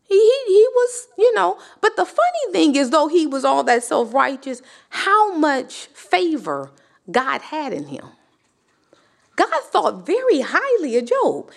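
A woman's voice: sits high, huge pitch swings, measured pace, creaky. A woman teaching a sermon in a conversational style, with rhetorical questions and passionate rises that climb to near cries. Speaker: Bible teacher.

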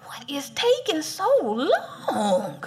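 Animated woman preaching a casual sermon. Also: high voice, very slow, soft background music. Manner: animated, playful, laughs often.

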